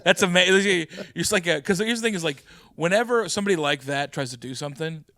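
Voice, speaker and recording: A man hosting a podcast, telling stories in casual chat and acting out quotes loudly. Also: high-pitched, fast talker, dry recording. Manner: animated storyteller, loud acted-out quotes. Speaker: podcast host.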